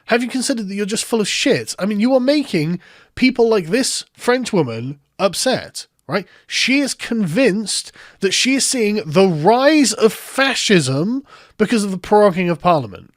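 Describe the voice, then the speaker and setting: A man's voice: sits high, sing-song, normal speed, dry recording, studio quality. A man, ranting sarcastically in political commentary, swearing and mocking his opponents.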